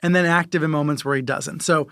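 A middle-aged man in an animated podcast conversation, quick and given to repeating words. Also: fairly high pitch, vocal fry, no room sound, studio quality. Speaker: media reporter and podcast co-host.

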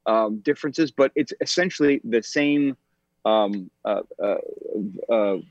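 A man's voice: fairly low pitch, a little slow, a little mellow, no room sound. A man in his forties talking as an actor and podcast guest in a casual interview, thoughtful, with many ums and restarts. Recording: dull, slightly lo-fi sound.

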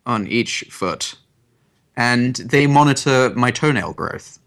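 A man co-hosting a comedy podcast, spinning deadpan absurd stories and chuckling. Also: mid-range voice, takes it slowly, gravelly. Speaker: podcast co-host. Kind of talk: comedic scripted banter.

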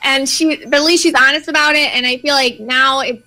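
Bright, high-voiced woman reading auras. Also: fairly even intonation, a little fast, low-quality recording. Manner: confident, reassuring. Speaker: aura reader. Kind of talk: psychic reading.

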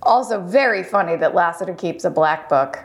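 A woman's voice: fairly low pitch, animated, moderate pace. Bubbly woman cohosting a chatty podcast, giggles a lot while recapping. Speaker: podcast co-host. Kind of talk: casual chat.

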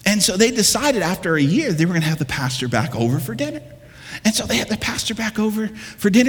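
High-voiced man preaching with fire. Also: fast talker, husky. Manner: energetic, building to fired-up exclamations with humor. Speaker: pastor. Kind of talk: sermon. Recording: long reverb of a large hall.

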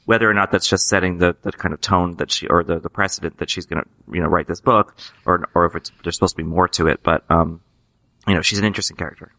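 A man's voice: low-pitched, steady tone, fast talker, bright, forceful tone. A man co-hosting a TV recap podcast, talking casually and hesitantly with many you-knows. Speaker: podcast co-host. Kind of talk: casual chat.

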